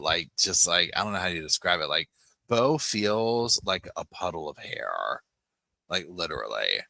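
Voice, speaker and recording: A low-pitched man chats casually on a home livestream, often dropping into soft cooing as he fusses over his puppies. His voice is bright and forceful, and the sound is close and dry. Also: no room sound. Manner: chatty, coos softly to his puppies. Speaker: livestream host.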